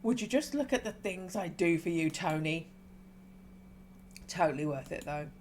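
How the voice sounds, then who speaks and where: Low-voiced woman reading game lines. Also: normal speed, a little hiss or hum. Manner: switches between calm reading and excited squeals. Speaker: streamer. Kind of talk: reading game dialogue aloud with commentary.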